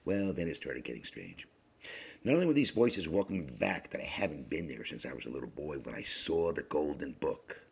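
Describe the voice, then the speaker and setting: Middle-aged male storyteller, deep gravelly voice, rambling and halting, slips into whispers. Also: big pitch swings. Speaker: podcast host. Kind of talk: personal storytelling monologue.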